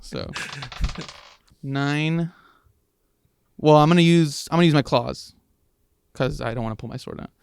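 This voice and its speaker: A man's voice: on the high side, a little slow, gravelly, pauses often, clean tone. A man playing a tabletop game, playful and laughing, thinking aloud over his rolls. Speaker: player. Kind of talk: casual chat at a tabletop game.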